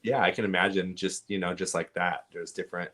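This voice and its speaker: Californian guy with a really low voice, chill podcast guest giving advice. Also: fairly quick. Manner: relaxed, explanatory, giving advice at length. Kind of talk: casual interview chat.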